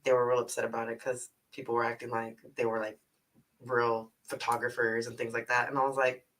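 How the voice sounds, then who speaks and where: A rambling streamer with a Houston Texan twang talks loosely, peppering every thought with 'like' and easy curses. The voice is bright and sits a little back from a laptop mic at home. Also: mid-range voice, level tone, fairly quick, far from the mic, rough recording. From north side of Houston, Texas. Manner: rambling, full of 'like', swears freely, laughs often. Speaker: livestreamer and travel agent. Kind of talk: casual livestream chat.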